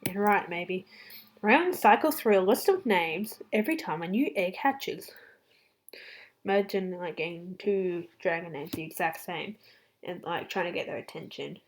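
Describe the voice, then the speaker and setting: A woman with an Australian accent casually reading out facts in a chatty, excitable way, sometimes dropping into whispered asides. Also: fairly low pitch, normal speed. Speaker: fan channel host. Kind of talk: casual fact-reading vlog.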